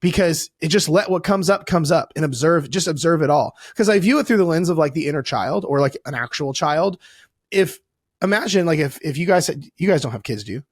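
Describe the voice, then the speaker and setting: Animated swearing man, dry close mic. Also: a little high, fairly quick, breathy edge, no room sound. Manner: animated, swearing, acts out voices. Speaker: podcast guest, weight loss coach. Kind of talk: casual podcast conversation.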